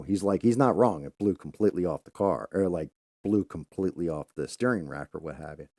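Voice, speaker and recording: A middle-aged man hosting a talk show, telling a story casually, swearing freely and acting out his own loud outbursts. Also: low-pitched, brisk, no echo, studio quality. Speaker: podcast host.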